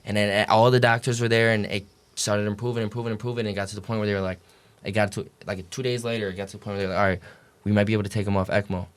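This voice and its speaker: A man's voice: lowish voice, flat delivery, rapid-fire. A young man telling a story as a podcast guest, casual and profane, packed with "like" and "dude".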